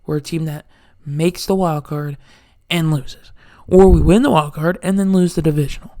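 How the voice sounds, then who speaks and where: A man's voice: on the high side, steady tone, normal speed, dark tone, dry recording. A man in a furious, profane sports rant. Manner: angry, swearing constantly, ranting. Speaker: sports fan commentator.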